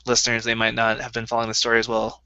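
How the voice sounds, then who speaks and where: A man's voice: medium pitch, completely flat delivery, racing, bright, forceful tone, clean tone, no echo, muffled recording. A man co-hosting a podcast in easygoing casual chat, laughing often. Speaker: podcast co-host.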